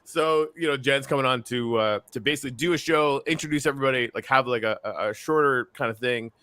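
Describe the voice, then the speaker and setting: A man's voice: mid-range voice, quick pace, sharp tone, smooth, no room sound. A man chatting on a talk show, rambling with many fillers and restarts and some swearing. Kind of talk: casual chat.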